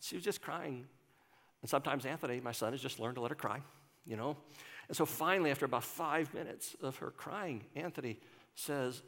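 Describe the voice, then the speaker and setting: A man's voice: mid-range voice, fairly quick, a bit bright, big-room sound. An older man, a pastor, giving a conversational sermon and asking the congregation questions. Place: church sanctuary.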